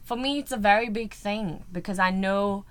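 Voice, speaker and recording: A woman's voice: medium pitch, moderate pace, fairly bright tone, clear, resonant tone. A woman with a European accent, an actress chatting as a guest in an interview, gushing and full of "like" and "you know". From Sweden. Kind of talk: casual interview chat.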